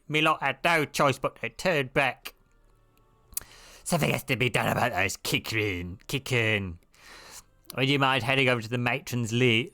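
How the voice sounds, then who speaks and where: A man voicing a rough-spoken woman farmer in a video game reading, talking in a gruff, folksy way. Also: medium pitch, pushed and bright.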